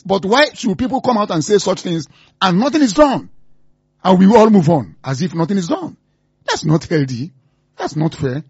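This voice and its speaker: A man's voice: high-pitched, very animated, brisk, darkish tone, breathy edge, no echo, muffled recording. A man with a Nigerian accent hosting a radio show, delivering impassioned commentary full of repeated rhetorical questions. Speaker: radio host.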